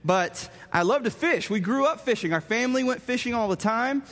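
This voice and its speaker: A man telling a story with animated, self-mocking humor as part of a sermon. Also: extremely high pitch, a little fast. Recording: long reverb of a large hall.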